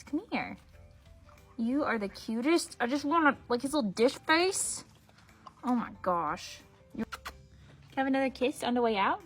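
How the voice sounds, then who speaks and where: Her voice fairly high and sharp, a woman vlogs casually while filming her foals around the barn and arena, cooing at them in baby talk.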